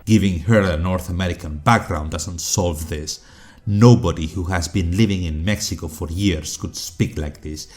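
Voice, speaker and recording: A man whose first language is Spanish, narrating a video essay with dry, critical, measured delivery. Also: low voice, darkish tone. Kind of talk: scripted narration.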